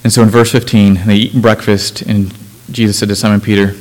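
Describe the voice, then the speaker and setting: A man's voice: on the low side, flat delivery, a little fast, few pauses, low-quality recording. A man preaching a sermon, reading scripture aloud and explaining it in a conversational way, with asides and self-corrections.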